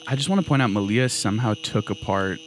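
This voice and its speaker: A man's voice: lowish voice, lively intonation, fast talker, background noise. A young man hosting a casual, joking podcast in a college radio studio, rambling through playful stories into a studio mic. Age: young adult. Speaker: podcast host. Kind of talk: casual comedic chat. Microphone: studio microphone.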